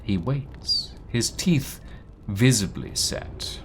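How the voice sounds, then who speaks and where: A man narrating a tabletop role-playing game as game master, describing characters' actions at an unhurried pace. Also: mid-range voice, expressive, noisy background.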